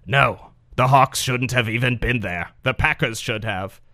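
A man voicing a surly, smug male football fan in a low, gravelly put-on voice. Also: a little slow, bright, forceful tone, dry recording, studio quality. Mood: sour smug.

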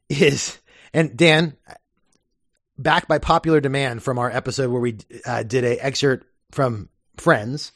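A man's voice: medium pitch, no echo, clean studio sound. A man hosting a casual podcast, chatty and explaining with plenty of fillers. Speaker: podcast host.

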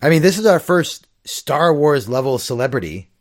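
A man's voice: on the high side, sing-song, normal speed. A man co-hosting a casual chat who talks thoughtfully, hedging often with "like" and "I mean.". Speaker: podcast co-host.

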